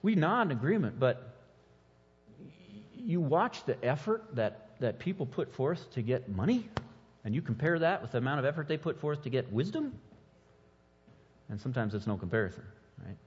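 A man preaching a sermon as pastor, animated and sometimes mocking as he acts out quotes. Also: mid-range voice, normal speed, slightly rough, big-room sound, highs cut off.

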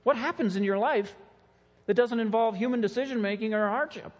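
A man preaching a sermon as pastor, animated and sometimes mocking as he acts out quotes. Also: high-pitched, fairly quick, long reverb tail, lo-fi sound.

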